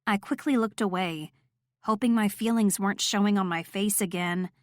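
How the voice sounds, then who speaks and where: A woman narrating a first-person romance audiobook in a steady, clear storytelling voice. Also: medium pitch, moderate pace, no echo, studio quality.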